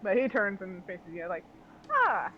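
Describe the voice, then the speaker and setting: A man's voice: high voice, normal speed, dull audio, slight background noise. A man narrating as game master of a tabletop game, loose and full of fillers.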